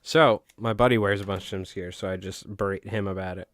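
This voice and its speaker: Man, Long Island accent, casual rambling stream chat, smooth voice, dry close sound. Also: low voice, steady tone, brisk, a bit bright, dry recording. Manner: joking, rambling, lots of fillers. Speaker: fly tying streamer.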